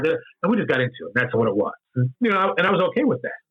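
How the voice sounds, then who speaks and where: Candid man in his fifties, husky voice. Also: fairly high pitch, very animated, rapid-fire. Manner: candid, repeats phrases for emphasis. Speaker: interview guest, game designer. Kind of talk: candid storytelling interview. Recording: dull lo-fi sound.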